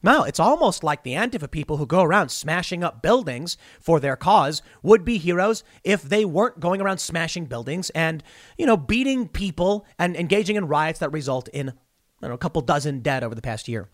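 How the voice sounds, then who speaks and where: A man hosting opinionated political commentary, animated and wry, with mocking asides. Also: fairly high pitch, fairly quick, no room sound, studio quality.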